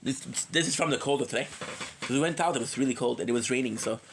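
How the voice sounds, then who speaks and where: A tired streamer with a cold rambles and jokes casually with his viewers, his medium-pitched voice moving fast against heavy background noise.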